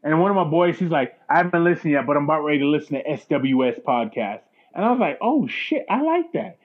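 A man's voice: a little high, fast talker, narrow, tinny audio. A man co-hosting a podcast, telling a long profane story in casual chat and acting out the voices in it. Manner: profane, animated storyteller who acts out quotes. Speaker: podcast co-host.

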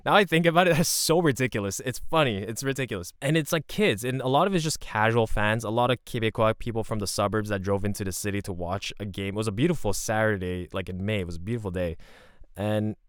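A man telling a rambling, profane story in a casual, animated way. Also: on the low side, fast talker, clear, resonant tone, no echo, clean studio sound.

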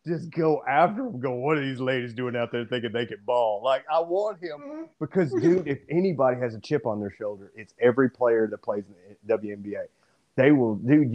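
A man hosting a casual sports podcast, telling stories in a profane, laughing, animated way. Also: mid-range voice, highs cut off. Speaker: podcast host.

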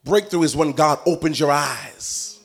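A man preaching a sermon in an animated way, telling stories with playful asides and building up to shouting. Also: on the high side, measured pace, breathy edge.

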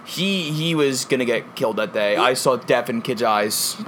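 Young man telling profane, animated stories. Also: mid-range voice, moderate pace, a little hiss or hum. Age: young adult. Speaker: podcast co-host. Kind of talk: casual chat.

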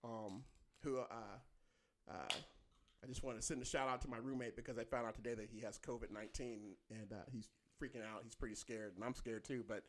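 A man's voice: medium pitch, steady tone, fairly quick, noisy background. A man in his fifties telling stories in casual chat, acting out quotes in a raised voice and swearing freely. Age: 50s.

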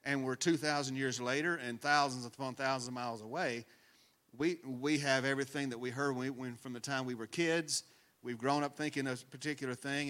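Guy with a bright voice chatting earnestly about bible stuff. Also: mid-range voice. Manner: earnest, conversational, chuckles now and then. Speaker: co-host of a Bible study podcast. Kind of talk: casual Bible teaching talk.

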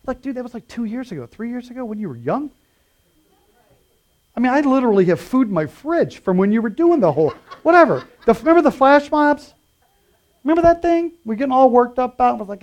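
A middle-aged man preaching in a relaxed, storytelling way, his voice sitting notably high for a man. He jumps from punchy, raised emphasis to soft, almost muttered asides. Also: fast. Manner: casual storytelling with lively swings between loud and quiet. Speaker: pastor. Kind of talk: sermon.

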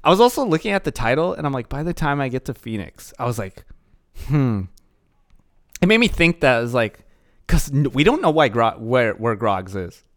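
A man in casual podcast chat, excitable and rambling, quick to jump in with his own thoughts. His voice is at a middling pitch and sounds dry and close-miked. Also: no room sound. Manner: excitable, laughing, rambling with many "like" fillers. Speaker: podcast co-host.

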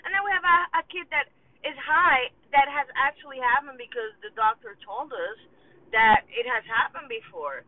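Animated woman on a tinny phone-like line. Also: sits high, moderate pace. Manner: animated storyteller, acts out voices. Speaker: podcast co-host. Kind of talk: casual chat. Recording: phone-quality lo-fi audio.

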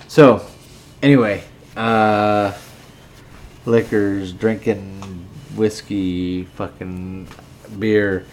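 Drunk man, podcast host, profane rambling, slow drawl, faint room noise. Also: on the low side, steady tone. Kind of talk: casual drunken rant.

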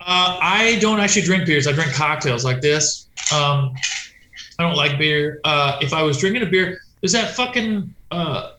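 A man's voice: fairly high pitch, animated, moderate pace, pushed and bright. A man, a touring punk musician, telling stories in a rambling, profane, casual way and acting out quoted voices. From United States. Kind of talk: casual storytelling chat. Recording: roomy echo.

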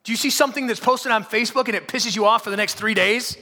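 Guy preaching, pretty high voice, keeps asking the same question over and over, gets loud, churchy echo. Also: quick pace. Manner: repeats rhetorical questions, building to loud emphatic peaks. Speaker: pastor. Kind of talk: sermon.

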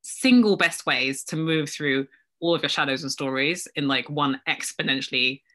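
A woman with a bright, forward voice talks as a guest in a relaxed interview. She is reflective and self-deprecating and often breaks into laughter as she shares her thoughts. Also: low-pitched, moderate pace. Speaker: guest, business coach. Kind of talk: casual conversational interview.

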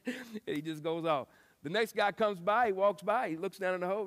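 A man preaching a sermon, telling stories and acting out quotes with lively shifts. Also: high voice, brisk. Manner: lively storytelling with acted-out quotes. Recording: long hall reverb.

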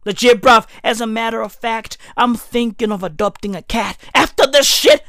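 A woman delivering a loud, profane comedic rant that keeps breaking into shouts. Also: a little high, moderate pace, hardly any pauses, no echo, clean studio sound. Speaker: vlogger.

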